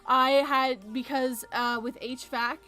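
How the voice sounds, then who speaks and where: Soft background music plays as a Canadian woman hosts a laid-back podcast chat, rambling through explanations and often laughing. Her voice is high-pitched and sharp, steady in tone, and she speaks slowly.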